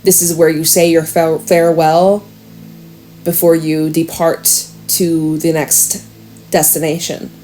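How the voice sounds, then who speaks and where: Chatty tarot-reading woman, low voice. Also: takes it slowly, soft background music. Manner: chatty, swears and laughs, excitable bursts. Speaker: tarot reader.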